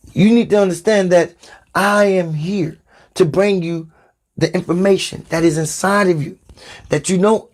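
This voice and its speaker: A man with a rather high-pitched voice delivers a spiritual podcast sermon. He stresses his points by repeating them and speaks directly to his listener in a preaching manner. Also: a little mellow. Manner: emphatic, repeats phrases for stress; addresses listener as "Divine". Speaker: spiritual teacher.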